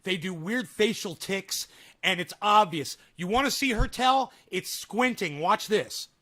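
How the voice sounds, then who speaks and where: A man's voice: high-pitched, measured pace, pushed and bright. A man ranting angrily on a live stream, mocking and swearing heavily as he reacts to clips and talks to his chat. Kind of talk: profane live-stream rant.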